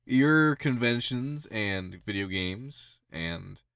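A man co-hosting a podcast in casual chat, animated and laughing often through his jokes. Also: fairly low pitch, vocal fry, clear, resonant tone, no echo, studio quality. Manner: animated, laughs often mid-sentence, quick jokey asides. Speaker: podcast co-host.

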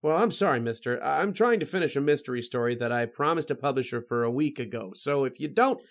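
A man's voice: medium pitch, lively intonation, fast, natural voice. A man playing a flustered mystery writer. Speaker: Sam Chase. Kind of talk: 1930s radio drama acting.

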